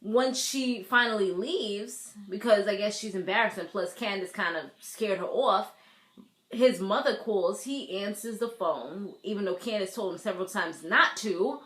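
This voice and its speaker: A woman recapping a TV episode in casual chat, animated, laughing often and acting out the characters' lines. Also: mid-range voice, a little slow, roomy sound. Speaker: TV recap vlogger. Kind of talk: casual recap with acted-out quotes.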